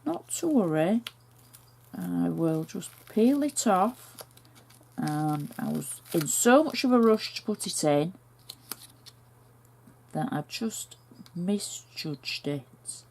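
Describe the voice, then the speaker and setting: Slow, low-voiced northern English woman crafter. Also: animated, vocal fry, darkish tone. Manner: chatty, homely, talks through each step. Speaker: crafter demonstrating a card project. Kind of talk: step-by-step craft tutorial.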